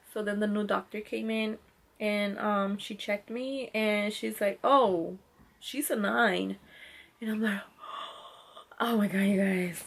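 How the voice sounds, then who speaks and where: Young woman, mom vlogger, casual storytelling, rambling and apologetic, mid-pitched voice. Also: vocal fry. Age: 20s.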